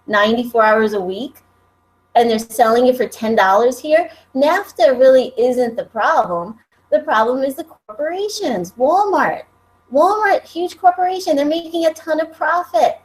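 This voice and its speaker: High-voiced, earnest American woman. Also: poor audio. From United States. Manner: earnest, insistent. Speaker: co-host. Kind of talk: live political web show chat.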